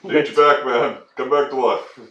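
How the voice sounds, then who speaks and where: A man from Texas co-hosting a podcast in casual, profane chat, with a dry delivery that breaks into loud laughs. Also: mid-range voice, fairly even intonation, normal speed, far from the mic, dull audio. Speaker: podcast co-host. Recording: roomy echo.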